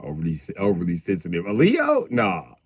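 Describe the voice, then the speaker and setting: Brief: male stand-up type, AAVE, lively swooping pitch, dry close sound, profane rant. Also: normal speed, breathy edge, no echo. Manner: profane, animated, acts out characters with shouted voices. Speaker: comedian livestreaming. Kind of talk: comedic rant.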